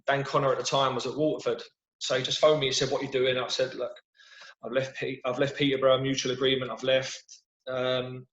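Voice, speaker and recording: A man with a London English accent, a football manager being interviewed in casual chat, rambling with frequent restarts and repeated words over a video call. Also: medium pitch. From London, England. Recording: roomy, dull video-call audio.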